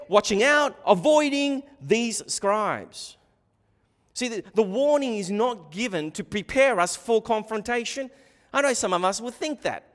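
A man's voice: sits high, fairly bright tone. A man preaching a sermon in an emphatic way, repeating and restarting words as he presses his point. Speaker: pastor. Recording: long hall reverb.

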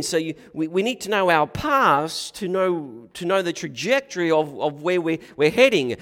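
A man's voice: fairly high pitch, expressive, unhurried, hardly any pauses, fairly bright tone. Preacher man with restarts, hall echo. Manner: hesitant, frequent restarts. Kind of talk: sermon.

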